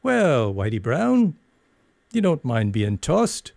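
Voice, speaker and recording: A man's voice: medium pitch, wildly swooping pitch, vocal fry, darkish tone, no echo, studio quality, pitched above the performer's own voice, heavily acted. A man voicing a bossy older schoolboy who teases the younger boys. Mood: teasing. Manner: brisk, teasing calls.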